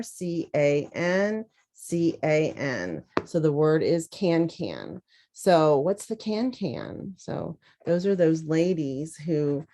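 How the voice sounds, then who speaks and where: A woman's voice: low-pitched, a little mellow. A woman teacher with a Southern US accent, casually demonstrating a lesson and sounding words out syllable by syllable. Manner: casual, thinking aloud, sounding words out slowly. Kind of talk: instructional demonstration.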